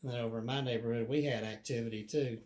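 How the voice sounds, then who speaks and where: A man's voice: medium pitch, steady tone, quick pace, a little mellow. Man, casual storyteller, chatty, laughs often, voice of medium height. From Alabama. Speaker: guest telling ghost stories.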